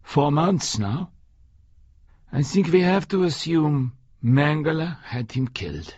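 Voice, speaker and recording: A man's voice: on the high side, animated, slow, a little mellow, dull audio, slight background noise, voice pushed up. Man reading a grave, weary old Nazi hunter.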